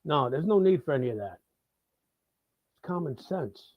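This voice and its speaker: A man with a fairly high voice rants through a political monologue, swearing constantly and turning sarcastic. The recording is dull and lo-fi, with a very dry, close sound and no room behind him. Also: lively intonation, moderate pace, dry recording. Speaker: host of a live talk show.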